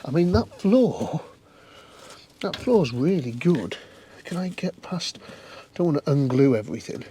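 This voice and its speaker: A man's voice: fairly high pitch, sing-song, a little slow, long pauses, dark tone, slight background noise. A man giving chatty, wry running commentary to camera as he looks over an old car in a cold scrapyard. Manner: chatty, wry, muttering to himself. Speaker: vlog host.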